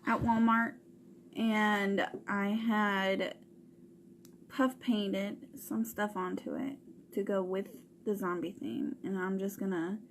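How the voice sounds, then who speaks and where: A woman's voice: medium pitch, slight background noise. Chatty young woman, casual makeup vlog. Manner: chatty and relaxed, with fillers. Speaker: makeup vlogger. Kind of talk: casual chat. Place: home.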